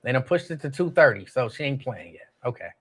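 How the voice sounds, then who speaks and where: Older man rambling through a lively story. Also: mid-range voice, fast talker, slightly rough. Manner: rambling, storytelling, laughs easily, Southern US Black vernacular. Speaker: host. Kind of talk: casual solo talk show chat.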